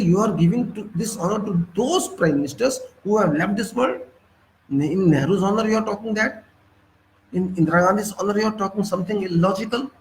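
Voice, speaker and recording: Indian English man, high-pitched, indignant political commentator firing rhetorical questions. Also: a little hiss or hum, rough recording. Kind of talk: impassioned monologue.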